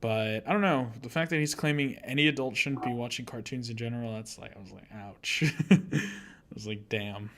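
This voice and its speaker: A young adult man with a medium-pitched voice talks briskly over crowd noise while co-hosting a casual podcast. He's laid-back in this relaxed chat, laughing often and letting his sentences trail off into fillers.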